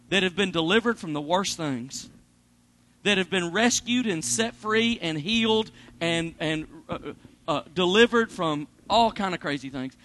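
A man preaching a sermon, animated, swinging between loud bursts and hushed asides. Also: sits high. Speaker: pastor.

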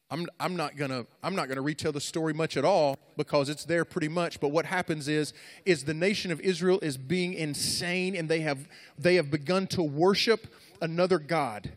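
A man preaching a sermon to young people, swinging between dramatic, loud storytelling and casual, conversational asides full of fillers and restarts. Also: on the high side, moderate pace. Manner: animated dramatic storytelling, rising loud in retellings.

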